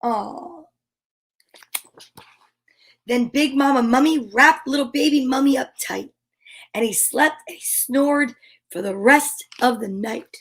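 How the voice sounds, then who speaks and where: A woman reading children's picture books aloud on a live stream, expressive, with gasps and whispered sound effects. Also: high voice, slow pace, pauses often, slightly rough. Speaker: storyteller.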